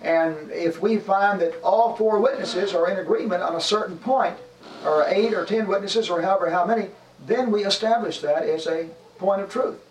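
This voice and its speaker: A man with a high voice teaches a Bible class, making his case through examples and rhetorical questions. He is recorded from a distance in a roomy space, with faint ambience behind him. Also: normal speed, slight background noise.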